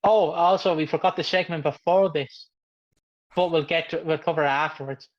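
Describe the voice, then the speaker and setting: A man's voice: a little high, fairly even intonation, moderate pace. A man in his twenties co-hosting a podcast, chatting casually, rambling and joking. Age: 20s. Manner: rambling, joking, acts out quotes. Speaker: podcast co-host. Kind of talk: casual chat. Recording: dull lo-fi mic.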